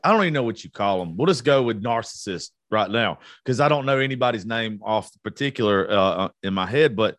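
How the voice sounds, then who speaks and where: A man's voice: on the low side, lively intonation, brisk, hardly any pauses, fairly bright tone, dry recording, clean studio sound. A man in his thirties in a casual podcast chat, blunt and profane, getting worked up as he talks. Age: 30s.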